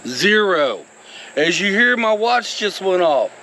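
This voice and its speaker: Male vlogger, indignant and animated, swooping high voice. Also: slow pace, slight background noise, poor audio. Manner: indignant, exasperated ranting. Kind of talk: ranting vlog to camera.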